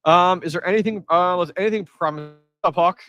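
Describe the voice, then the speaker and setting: A man's voice: high-pitched, clear, resonant tone, muffled recording. A man hosting a live stream from an event floor, chatting casually and answering his chat with energy. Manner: energetic, reads chat aloud, quick asides.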